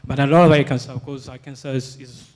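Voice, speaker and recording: A man in the audience asking the panel a question, halting and searching for words. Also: medium pitch, steady tone, a little mellow. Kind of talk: question from the floor.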